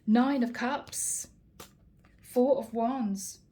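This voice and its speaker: A woman's voice: fairly high pitch, fairly even intonation, extremely slow, dark tone. A woman giving a casual tarot reading to camera in a playful, teasing and slightly sarcastic manner. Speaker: tarot reader.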